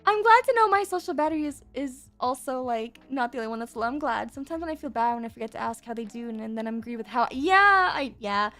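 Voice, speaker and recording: High-voiced giggly young woman streamer. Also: fast talker, few pauses. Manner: giggly, rambling, excitable. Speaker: VTuber streamer. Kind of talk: casual stream chat while drawing. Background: faint background music.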